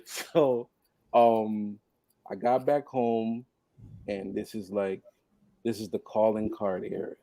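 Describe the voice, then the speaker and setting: A man telling a personal story on a podcast in a casual, animated way, laughing often and mimicking others. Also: lowish voice, slow pace, long pauses, no room sound. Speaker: podcast guest.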